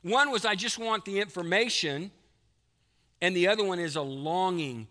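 Folksy pastor, fairly high voice, preaching in a big echoing sanctuary. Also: male voice, moderate pace, bright, forceful tone. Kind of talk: sermon. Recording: long hall reverb.

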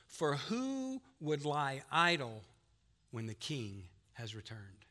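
A man reading aloud the soft words of a wounded young man waking to greet his king. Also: medium pitch, wildly swooping pitch, takes it slowly, exaggerated voice. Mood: hushed.

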